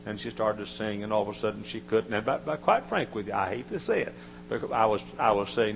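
Older gravelly man preaching. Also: lively intonation, quick pace, a little hiss or hum, rough recording. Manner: folksy storytelling, rising to high-pitched emotional quotes. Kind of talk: sermon.

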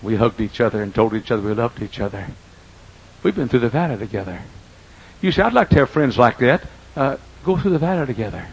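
Older man, pastor, husky mid-range voice, folksy sermon delivery with big dynamic swings. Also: medium pitch, lively intonation, rough recording. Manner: folksy preaching, swings from quiet to loud and drawn-out. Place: church auditorium.

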